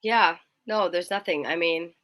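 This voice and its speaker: A woman's voice: lowish voice, measured pace, a bit bright, dry recording. A woman co-hosting a casual chat show, giggly and rambling, often correcting herself, recorded in a room at home. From England. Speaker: co-host.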